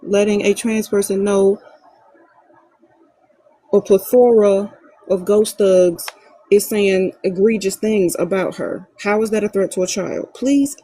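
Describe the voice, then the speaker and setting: Woman on a live stream, slow husky delivery, pointed and demanding, dry sound. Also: medium pitch, steady tone, dark tone, dry recording, rough recording. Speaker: participant in a live-stream group chat.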